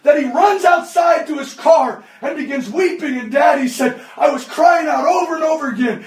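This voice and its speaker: Man preacher, very high voice, impassioned shouting, heard from afar in a reverberant hall. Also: moderate pace, few pauses. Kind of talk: sermon. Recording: echoey hall, distant mic.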